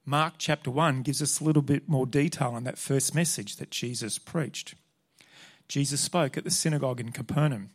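Male pastor, slightly raised pitch, emphatic sermon delivery with Scripture readings.

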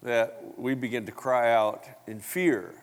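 A man preaching a sermon, telling the story with animated acted-out voices and big jumps in pitch, coughing now and then. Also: slow pace. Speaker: pastor. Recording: long hall reverb.

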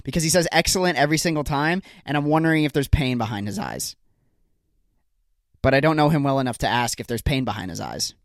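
A man's voice: medium pitch, lively intonation, fast, no room sound, clean studio sound. A young man hosting a solo podcast, rambling in a jokey, self-deprecating way. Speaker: podcast host.

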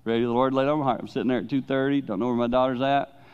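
A middle-aged man preaching a sermon in a church, speaking candidly and with lively energy. He tells his stories animatedly and jumps into high, excited bursts now and then. The recording sounds dull and lo-fi. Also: very fast, clear, resonant tone. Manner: candid, animated storytelling with sudden high-pitched outbursts.

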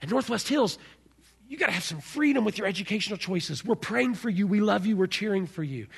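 A man preaching a sermon as pastor, animated, swinging from soft to loud. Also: sits high, fairly quick, vocal fry, slightly rough.

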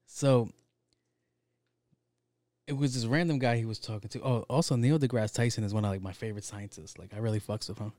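A man's voice: on the low side, steady tone, brisk, pauses often, a little mellow, no echo. A man talking in a loose, rambling monologue, swearing often and leaning on fillers. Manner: profane, rambling, with frequent fillers.

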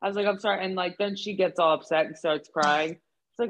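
A young woman co-hosting a podcast, telling stories in casual chat, animated and swearing often. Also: on the low side, a little fast, rough recording. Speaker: podcast co-host.

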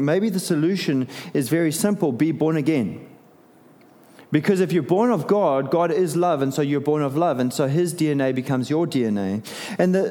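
Conversational male preacher in a reverberant hall. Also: fairly high pitch. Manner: conversational, animated preaching with self-deprecating asides. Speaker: pastor. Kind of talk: sermon.

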